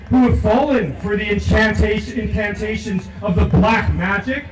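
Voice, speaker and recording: High-voiced older man shouting at a rally. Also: normal speed, few pauses. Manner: declaiming, repeating lines, shouting to lead chants. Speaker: protest speaker. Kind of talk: impassioned rally speech. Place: outdoor rally at a legislature. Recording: echoey, distant from the mic, loud crowd.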